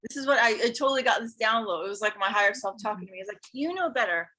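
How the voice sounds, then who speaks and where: A woman who teaches yoga and spirituality, telling a personal story in casual conversation, earnest and animated. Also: mid-range voice, very fast. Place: Hawaii.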